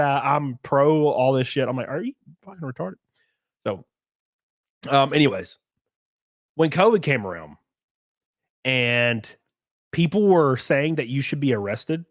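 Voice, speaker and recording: A man's voice: fairly high pitch, dry recording, clean studio sound. A man with an Alabama accent, stuffy from a runny nose, ranting in a casual, profane way on his livestream. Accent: Southern US, Alabama. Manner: animated, profane, mocking. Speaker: streamer host.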